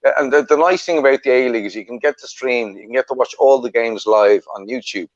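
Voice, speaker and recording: A man's voice: medium pitch, quick pace, dry recording, muffled recording. A man from Ireland, chatting about football on a podcast panel, rambling with lots of restarts. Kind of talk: casual football chat.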